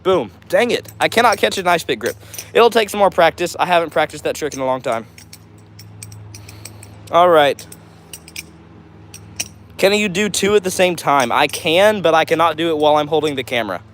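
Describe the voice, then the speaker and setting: A man's voice: a little high, animated, normal speed, long pauses, a bit bright. A man hosting a casual livestream, reading out chat comments in a chatty, upbeat way and often saying "all right". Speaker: livestream host.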